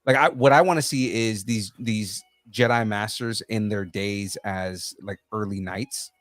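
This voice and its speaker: A man's voice: lowish voice, unhurried, no echo. A man co-hosting a casual pop culture podcast, talking enthusiastically and rambling with lots of fillers. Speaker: podcast co-host.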